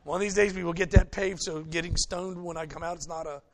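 A man's voice: a little high, steady tone, fast talker, a crowd in the background. A middle-aged man preaching a conversational sermon, folksy and joking as he talks straight to his congregation. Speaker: pastor.

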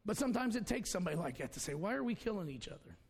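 A male pastor preaching a folksy sermon, swinging between shouts and hushed asides. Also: sits high, very animated, very fast, creaky. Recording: long hall reverb.

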